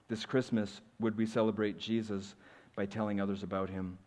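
A male pastor preaching a sermon in a church, earnestly swinging between loud emphasis and quiet, confiding asides. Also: fairly low pitch, flat delivery, normal speed. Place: church sanctuary. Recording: long reverb of a large hall.

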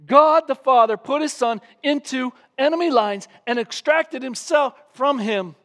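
High-voiced man preaching a lively sermon. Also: a little slow. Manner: animated preaching, acting out scenes with raised voice. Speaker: pastor. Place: church.

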